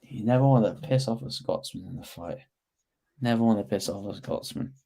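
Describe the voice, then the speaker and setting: A man's voice: lowish voice, brisk, creaky, dark tone. A young man hosting a fight watch-along, chatting casually to his viewers and stumbling over his words as he comments.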